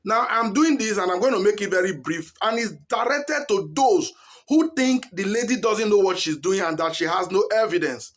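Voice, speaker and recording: A man's voice: high voice, normal speed, a bit bright. A man giving earnest, explanatory commentary to camera.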